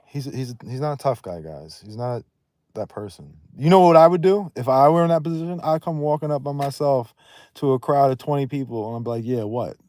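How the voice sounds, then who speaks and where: A man talking casually on a livestream, blunt and profane, rambling and quick to raise his voice. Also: mid-range voice, dark tone, no room sound. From Northeast United States.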